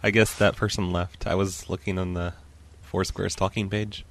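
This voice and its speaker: Curious male co-host, very low voice, prods for stories. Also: flat delivery, normal speed, gravelly. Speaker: podcast co-host. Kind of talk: casual chat.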